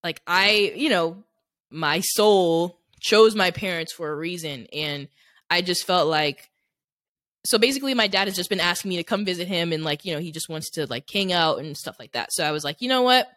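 A woman's voice: lowish voice, normal speed, fairly bright tone, no room sound. Rambling young woman, dry close mic. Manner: rambling, heavy use of "like" fillers; candid and open, sharing personal stories. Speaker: podcast co-host. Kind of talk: casual chat.

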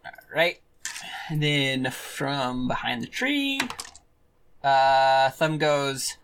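A man narrating as game master of a tabletop game, animated and laughing as he describes the action. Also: medium pitch, slow, slight background noise.

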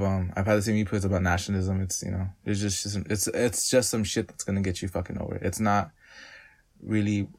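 A man's voice: fairly low pitch, darkish tone. A man co-hosting a casual chat, loose and profane, joking around.

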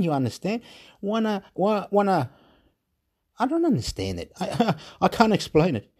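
Guy ranting on and on, bit high voice but mellow, repeats himself a lot, stumbles and laughs. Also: very animated, normal speed. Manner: repetitive, stumbling, frequent laughs; agitated, exasperated rant. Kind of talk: rambling monologue.

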